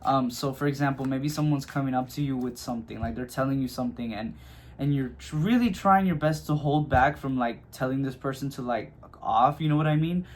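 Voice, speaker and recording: A man's voice: medium pitch, fairly quick. A man giving a casual tarot reading, chatty and loose, full of fillers and "okay?" check-ins. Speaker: tarot reader.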